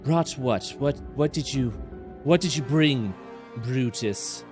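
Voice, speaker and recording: A man's voice: mid-range voice, slow pace, over music, natural voice. A man doing Mephistopheles, a whispery smug devil lord. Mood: hushed, smug. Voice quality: whispering wind-like voice. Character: suave male archdevil lord, whispery and smug.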